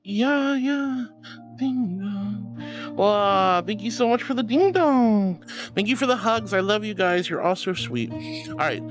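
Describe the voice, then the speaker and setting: A woman's voice: mid-range voice, animated, a little slow. A woman hosting a casual live stream, bubbly and affectionate as she greets viewers and reads chat aloud. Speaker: livestream host. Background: background music.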